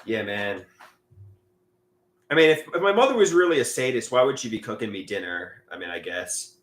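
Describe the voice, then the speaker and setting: A man's voice: lowish voice, lively intonation, normal speed, a bit bright. A man rambling in a live stream monologue from home, stammering and repeating his words as he mutters to himself. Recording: echoey room.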